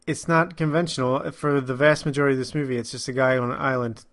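Relaxed podcast co-host man. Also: mid-range voice, fast talker. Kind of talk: casual movie chat.

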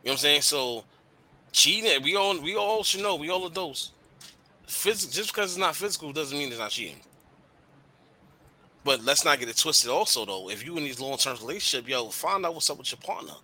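A man's voice: fairly high pitch, lively intonation, fairly quick, sharp tone. A young man hosting a casual podcast, talking bluntly about relationships with lots of slang and swearing. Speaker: podcast host.

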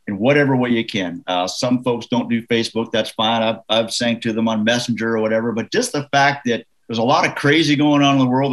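A man from Canada, a musician guest in a casual interview, telling an anecdote in a lively, laughing way. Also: mid-range voice, low-quality recording. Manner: animated, laughing anecdote teller.

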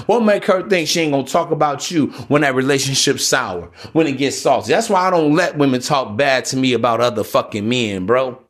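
A man's voice: medium pitch, brisk, few pauses. A man hosting a solo podcast, giving a profane, preachy rant in street slang aimed at his listeners. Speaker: podcast host.

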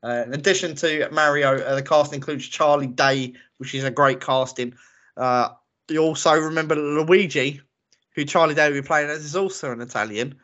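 A man's voice: on the high side, moderate pace, fairly bright tone. A man co-hosting a casual chat, opinionated and ranting, laughing often. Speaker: podcast co-host. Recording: lo-fi muffled audio.

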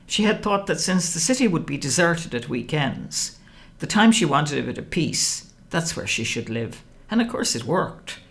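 A woman reading a first-person novel aloud, wry and expressive. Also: low voice, normal speed, gravelly. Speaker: audiobook narrator.

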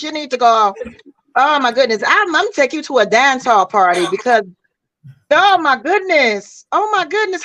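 A woman's voice: a little high, a bit bright, dry recording. A woman guest on a podcast, chatting casually and animatedly, exclaiming and repeating herself as she reacts. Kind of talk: casual chat. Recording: dull, dry lo-fi audio.

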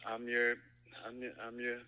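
A man's voice: medium pitch, completely flat delivery, moderate pace, bright, forceful tone, smooth, lo-fi sound. A man co-hosting a podcast, joking around in casual chat with frequent stammered restarts. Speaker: podcast co-host.

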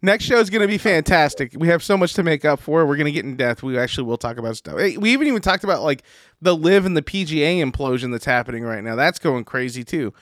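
A man co-hosting a casual sports podcast, talking in an animated, joking way. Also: on the high side, quick pace, dry recording, clean studio sound. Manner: animated, does excited impressions in stories. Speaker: podcast co-host.

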